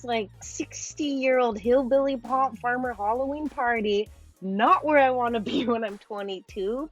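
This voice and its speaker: A young woman in her twenties, a podcast guest telling a story in a casual, animated way with frequent laughs. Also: on the high side, low-quality recording. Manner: animated, laughing often, swearing.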